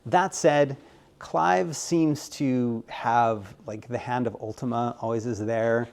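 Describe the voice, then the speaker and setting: An American man talking through interview answers at an ordinary pitch. He rambles along with plenty of ums and likes, and keeps his delivery lively. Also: slow, vocal fry. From United States. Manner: rambling, filler-heavy, animated. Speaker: game localization director.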